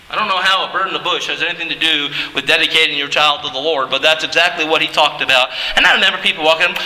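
A man pastor preaching an emphatic sermon that builds at times to shouting. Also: a little high, very fast, hardly any pauses, big-room sound, low-quality recording.

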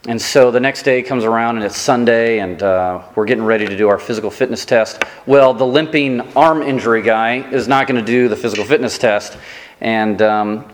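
A man preaching a sermon as pastor, telling self-deprecating stories in a lively, animated way. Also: medium pitch, moderate pace, in a large hall, slight background noise.

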